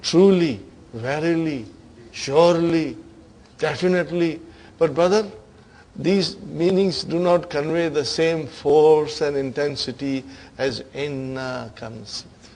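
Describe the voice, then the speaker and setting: A man's voice: fairly high pitch, slow pace, darkish tone, poor audio. A man teaching an Arabic grammar class, quizzing his students with repeated questions and slipping into Urdu phrases now and then. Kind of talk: classroom lecture.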